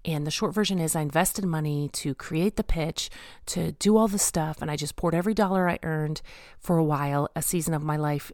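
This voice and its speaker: A woman's voice: low voice, a little mellow, dry recording, clean studio sound. A woman giving a personal faith testimony, talking earnestly to her listeners and stressing points through repetition. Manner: addresses listeners directly. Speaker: speaker sharing her faith story.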